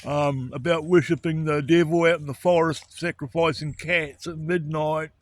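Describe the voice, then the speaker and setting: A man's voice: on the high side, fairly even intonation, moderate pace, dry recording. A man, ranting in an angry, profane monologue about righteous indignation. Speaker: vlogger.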